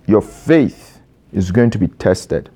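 A man's voice: lowish voice, animated, slow, dark tone, breathy edge. A man preaching a sermon, emphatic, repeating phrases and stretching out stressed words, addressing his young listeners directly with questions.

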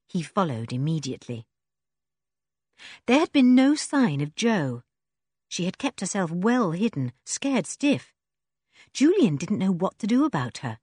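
Casting: expressive audiobook narrator, woman, husky, low, dry studio sound. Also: no room sound. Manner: expressive storytelling.

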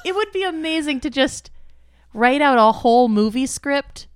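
A woman's voice: high voice, expressive, normal speed, no room sound, studio quality. A woman co-hosting a podcast, bantering playfully through a word-guessing game and teasing with silly repeated phrases. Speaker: podcast co-host.

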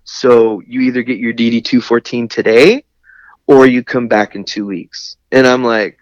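A man's voice: medium pitch, steady tone, moderate pace, no echo, dull audio. A man, a Navy veteran, telling a long personal story in casual, candid speech with wry humor. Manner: candid, wry, laughs at his own anger. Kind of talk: conversational storytelling.

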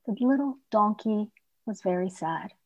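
A woman reading a children's story aloud in a gentle, expressive way. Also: mid-range voice, a little slow, dull audio.

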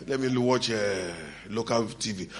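A man preaching a sermon, acting out the story in different voices, moving from hushed asides to shouts. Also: on the low side, measured pace. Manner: acts out scenes, shifts between hushed asides and shouts.

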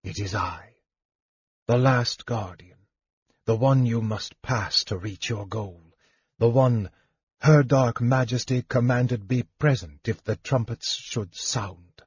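A man reading an audiobook voices a cold, derisive male wizard in a hushed, low voice. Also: takes it slowly, husky, no echo, lo-fi sound. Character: cold sneering male wizard, quiet and menacing.

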